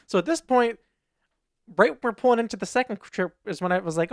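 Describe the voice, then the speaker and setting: A man's voice: high voice, fast talker, clear, resonant tone, dry recording, clean studio sound. A man co-hosting a podcast in casual chat, rambling through anecdotes and acting out what people said in raised voices. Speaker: podcast co-host.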